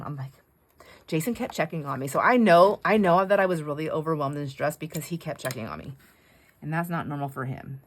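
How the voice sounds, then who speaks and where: A woman's voice: deep voice, brisk. A middle-aged woman hosting a crafting video, chatting casually in a rambling, self-deprecating way and laughing often. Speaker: crafting channel host. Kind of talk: casual chat while crafting.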